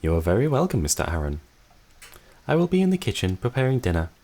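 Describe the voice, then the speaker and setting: A man's voice: medium pitch, huge pitch swings, fast, warm tone. A man doing a polite young housemaid.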